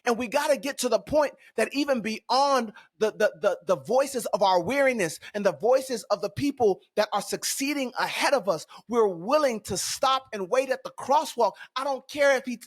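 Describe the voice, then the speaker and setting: A man's voice: very high-pitched, moderate pace, few pauses. Fervent man preaching in casual talk. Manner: fervent, preachy, repeats phrases for emphasis. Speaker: podcast co-host. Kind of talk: casual faith podcast talk.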